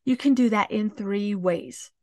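A middle-aged woman hosting a self-help podcast, talking listeners through exercises in a calm, gentle voice. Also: mid-range voice, measured pace, dry recording. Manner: calm, gentle guided-meditation delivery. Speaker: podcast host.

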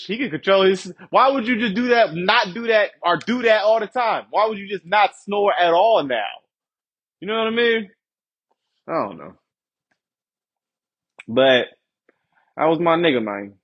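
Husky, rambling young man telling a story. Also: sits high, lively intonation, normal speed, long pauses, a bit bright, highs cut off. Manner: rambling, profane, laughs often, keeps asking "you feel me". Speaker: podcast host. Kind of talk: casual storytelling monologue.

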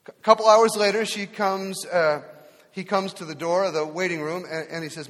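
A man's voice: high-pitched, fairly even intonation, normal speed, fairly bright tone. A man preaching a sermon as pastor, telling humorous stories and acting out voices in them. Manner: storytelling, acts out voices in anecdotes. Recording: long hall reverb.

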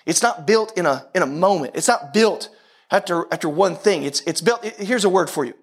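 A man's voice: sits high, expressive, moderate pace, slightly rough. A man preaching a sermon to a congregation in a conversational way, with frequent restarts and rhetorical questions. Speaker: pastor.

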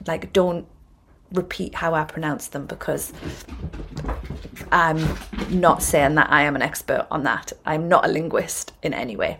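Woman hosting a yoga podcast, gravelly voice, chatty and rambly, keeps correcting herself. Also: fairly low pitch. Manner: chatty, apologetic, self-correcting. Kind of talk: casual explanatory talk.

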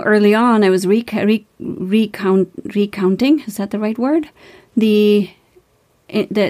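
A woman's voice: mid-range voice, a little mellow. A woman hosting a motivational podcast, reading numbered verses and talking them through in an earnest, encouraging way with some fillers and self-corrections. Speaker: podcast host.

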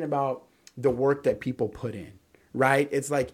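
A man's voice: mid-range voice, moderate pace. Guy cohosting a sports podcast, rambly, lots of "like" and "right?". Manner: animated storyteller, many fillers and "right?"; acts out quotes in other voices. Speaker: podcast co-host. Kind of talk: casual sports talk.

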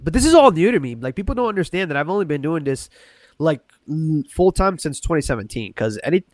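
A man's voice: a little high, big pitch swings, fast talker, dry recording, studio quality. A man talking as a guest on a podcast, rambling casually with many restarts and self-corrections. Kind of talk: casual chat.

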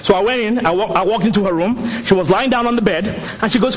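A middle-aged male pastor preaches with animated storytelling and now and then shouts out a point. His voice sits very high and swings widely in pitch. A faint hum runs under him throughout. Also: brisk. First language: not English. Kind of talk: sermon.

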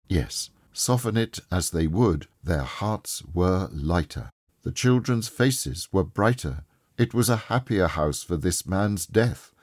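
A man reads an audiobook in a low, husky voice, measured and expressive. The recording is dry and close. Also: dry recording. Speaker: narrator. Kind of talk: scripted audiobook narration.

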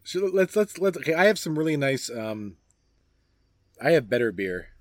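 The middle-aged co-host has a slightly high, sing-song voice at a moderate pace, recorded with no echo. Outdoors at a backyard gathering, he chats casually and jokes on the podcast, often wandering off topic and letting sentences trail away.

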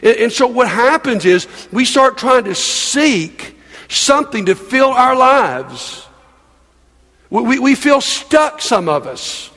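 High-voiced older male pastor preaching. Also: sing-song, slow pace, pushed and bright. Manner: conversational preaching with repetitions and rhetorical questions. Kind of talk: sermon. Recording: long reverb of a large hall.

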